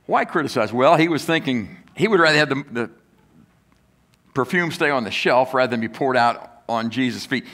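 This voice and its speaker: Bright-voiced male pastor preaching. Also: medium pitch, animated, moderate pace. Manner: conversational preaching with rhetorical questions to the congregation; acts out critics' voices in quotes. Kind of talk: sermon.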